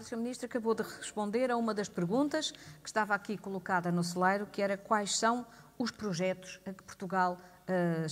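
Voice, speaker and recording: A woman of middle pitch moderates a public panel, putting questions in a measured tone. The long reverb of a large hall trails her words.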